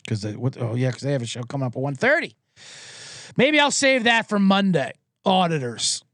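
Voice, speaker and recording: A man's voice: fairly high pitch, normal speed, no echo, clean studio sound. A man hosting a sports show, rambling through a casual, profane monologue. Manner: rambling and profane, with animated impressions.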